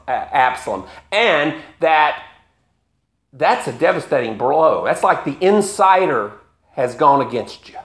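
A man's voice: fairly high pitch, a bit bright. A man in his fifties preaching a sermon, retelling a story with wry asides. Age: 50s.

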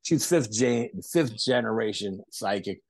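A man, a podcast guest, telling animated stories in a casual interview and acting out other people's quotes. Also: fairly low pitch, unhurried, dry recording. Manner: animated anecdotes with acted-out quotes. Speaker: podcast guest, paranormal investigator.

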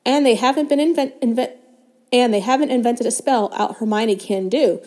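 A woman voicing a huge, gruff but kindly male gamekeeper in a storybook reading, growling as he talks. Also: fairly high pitch, lively intonation, moderate pace, a little mellow.

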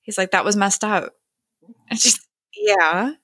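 A woman's voice: medium pitch, expressive, measured pace, pushed and bright, no echo, clean studio sound. A woman hosting a podcast, casually recapping a TV episode scene by scene and lightly voicing the characters as she goes.

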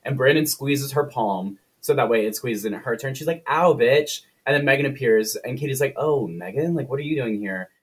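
Talking briskly with hardly any pauses, a man co-hosting a podcast runs through a movie's plot in loose, profane conversation, slipping briefly into character voices. His voice is medium-pitched with a breathy edge.

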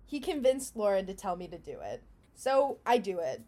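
A young woman co-hosting a podcast, telling a story in a casual, animated way and laughing often. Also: mid-range voice, normal speed. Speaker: podcast co-host.

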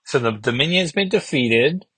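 A man's voice: medium pitch, expressive, moderate pace, fairly bright tone, slightly rough, dry recording. A man hosting a comic book podcast, recapping an issue in a casual, musing way and thinking aloud with small restarts.

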